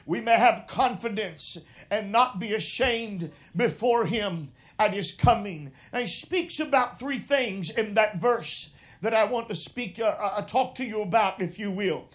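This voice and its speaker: Preacher, male, very high pitch, sermon delivery with lots of "uh" fillers and forceful emphatic climbs. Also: expressive, unhurried. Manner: builds to emphatic raised preaching, frequent "uh" fillers. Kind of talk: expository sermon.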